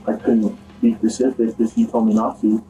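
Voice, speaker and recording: A young man shakily recounting a traumatic event in an interview, halting and restarting often. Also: fairly low pitch, level tone, mellow, faint music behind, low-quality recording. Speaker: interview subject.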